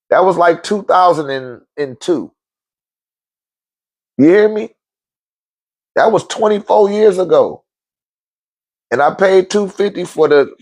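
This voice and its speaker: A man in his forties or older tells a long story in a loose, profane, animated way, laughing often. His voice sits a bit high for a man, and he jumps much higher when he acts out what people said. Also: dry recording. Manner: acts out quotes with sudden high-pitched outbursts. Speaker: podcast host telling a story. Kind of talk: casual storytelling.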